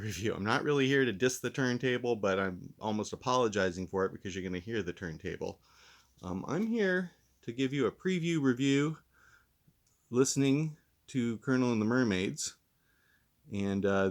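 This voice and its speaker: A man with a somewhat low voice rambles through a casual vlog review. He is mildly stoned and talks in a loose, laid-back, self-deprecating way as he wanders from one thought to the next. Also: normal speed. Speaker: host and reviewer.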